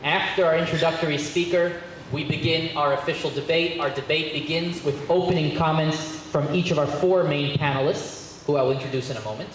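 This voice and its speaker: A male rabbi with a slightly high voice opens a debate as moderator, genial and repeating himself now and then. His voice rings through a very echoey synagogue hall with faint noise behind. It sounds like a speech from the podium. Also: steady tone, brisk. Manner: genial, repeats phrases, occasional restarts. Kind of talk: public address, opening remarks.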